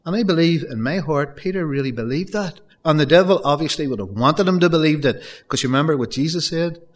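A man's voice: a little high, expressive, fairly quick. A man preaching a sermon, earnest and building to emphatic raised peaks, often addressing his congregation as folks.

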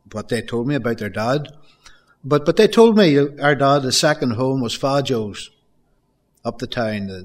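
Storytelling preacher man. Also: mid-range voice. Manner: storytelling preacher, repeats phrases. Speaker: pastor. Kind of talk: sermon.

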